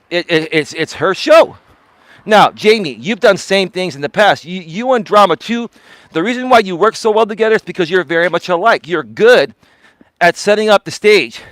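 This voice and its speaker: High-voiced man, confrontational rant. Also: fairly bright tone, no room sound. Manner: confrontational, repetitive, swears. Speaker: life coach host. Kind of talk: heated livestream rant. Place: outdoors on a walk.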